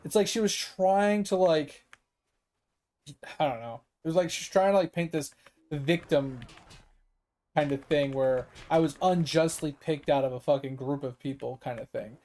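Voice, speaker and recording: A man's voice: a little high, moderate pace, a little mellow. A man ranting casually about a news clip while playing a game, swearing often and exasperated, with many fillers. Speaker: gaming streamer. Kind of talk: casual rant while gaming.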